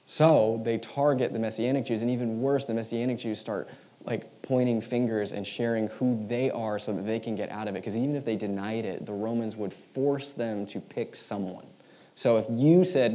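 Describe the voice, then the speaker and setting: Laid-back guy giving a sermon, deepish warm voice, lots of "like" and "right". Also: moderate pace. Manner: animated storytelling, acting out quoted voices; casual, many fillers like "like" and "right". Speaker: pastor.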